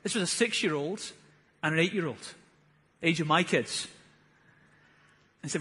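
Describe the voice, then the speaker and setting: A man in his thirties preaches from the front of a church hall, his voice pitched fairly high with a touch of huskiness. He speaks earnestly and builds to fervent, emphatic bursts. Long reverb from the hall trails every phrase. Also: a little slow, sharp tone, breathy edge. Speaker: pastor. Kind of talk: sermon.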